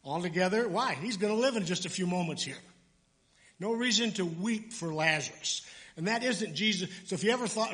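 A middle-aged man preaching a sermon, animated and conversational, with chatty asides. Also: high-pitched. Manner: animated, acts out voices in quotes, conversational asides. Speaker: pastor.

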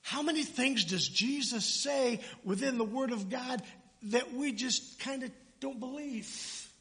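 A middle-aged male pastor preaches in a high, light voice. He talks in an animated, conversational way, full of asides. His sermon moves between explaining a passage and chatting with the congregation. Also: unhurried.

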